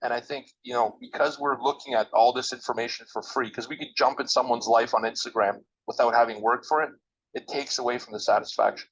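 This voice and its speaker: A man's voice: mid-range voice, fairly even intonation, brisk, slightly rough, dull audio. A man interviewed as a guest trader, giving emphatic, motivational advice straight to the listeners. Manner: emphatic, coaching, direct address to listeners.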